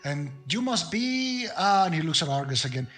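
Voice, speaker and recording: Guy doing a frantic sorry-sorry lich, stammery and gushing, bright edge, faint music under it. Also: on the high side, big pitch swings, normal speed. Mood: gushing polite. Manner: fretful, stammering, gushing apologies. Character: flustered apologetic male lich in human form.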